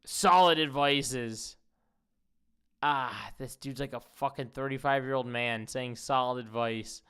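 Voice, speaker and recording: A man's voice: medium pitch, measured pace, a bit bright, clear, resonant tone. A young man streaming live, reacting to videos with profane, disgusted outbursts and casual chatter.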